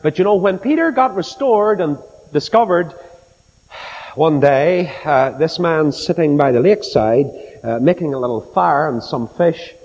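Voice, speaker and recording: High-voiced male preacher, folksy storytelling sermon, church hall with long reverb. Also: expressive, a little slow, darkish tone.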